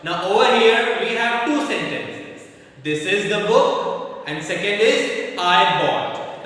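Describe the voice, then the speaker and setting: Slow high-voiced male teacher, echoey room. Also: a bit bright. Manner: slow, deliberate, repeats examples for pupils. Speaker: school teacher. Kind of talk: classroom grammar lesson. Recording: echoey room, far from the mic.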